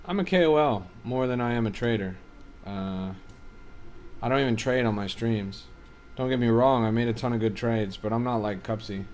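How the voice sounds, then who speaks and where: A man's voice: medium pitch, normal speed, a little mellow, slight background noise. A man streaming as a crypto trader, giving casual, offhand livestream commentary that is often profane as he reads and answers his chat.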